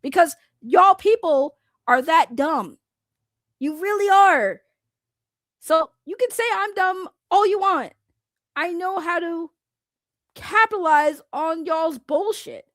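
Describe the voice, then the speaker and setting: A woman from Boston ranting on a live stream, loud, blunt and sarcastic, laughing often. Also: very high voice, slow, pauses often, dry recording. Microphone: computer microphone.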